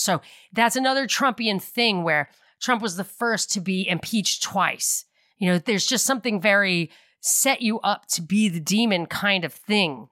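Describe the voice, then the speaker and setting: A woman's voice: medium pitch, sharp tone, dry recording, studio quality. A middle-aged woman hosting a podcast, talking through politics in a rambling, opinionated way and correcting herself as she thinks aloud. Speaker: podcast host. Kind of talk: casual political commentary.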